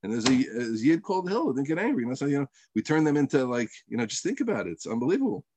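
A man's voice: medium pitch, very fast, noisy background. A man teaching a religious text lesson, telling the story with rhetorical questions and asides. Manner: animated storytelling, rhetorical questions, trailing off softly.

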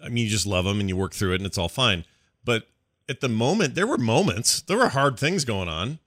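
A man's voice: mid-range voice, sing-song, brisk, fairly bright tone, no room sound, studio quality. A man in his forties co-hosting a podcast, chatting casually with a joking, self-deprecating manner. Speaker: podcast co-host. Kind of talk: casual chat.

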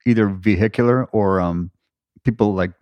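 A man's voice: fairly low pitch, normal speed, no echo, lo-fi sound. A man co-hosting a podcast in casual chat, joking and playful. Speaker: podcast co-host.

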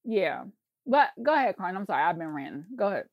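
A woman's voice: lowish voice, very animated, fast, no echo, muffled recording. A woman co-hosting a podcast, ranting in casual conversation, emphatic and profane. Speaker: podcast co-host.

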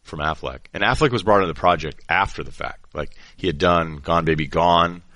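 Deep-voiced man hosting a podcast. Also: brisk, pushed and bright, no room sound. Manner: rambling, self-interrupting, joking storyteller. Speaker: podcast host. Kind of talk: casual chat.

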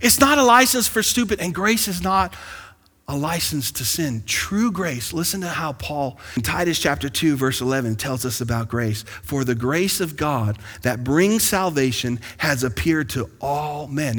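A man preaching a sermon as pastor to his congregation, calling out to them and building to excited bursts. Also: on the high side, normal speed, husky. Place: large church sanctuary. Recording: long hall reverb.

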